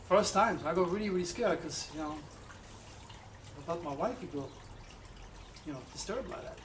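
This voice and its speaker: A man telling a personal story in an animated way, with halting restarts. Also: sits high, distant mic, noisy background. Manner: animated, acts out quoted voices, halting restarts. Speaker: astrologer telling his own story.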